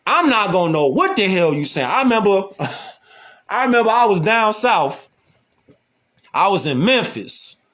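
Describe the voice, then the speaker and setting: Animated Chicago man talking slang. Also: high voice, unhurried, pauses often. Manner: loose, slangy, repeats "you know what I'm saying". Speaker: social media talker. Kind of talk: casual monologue.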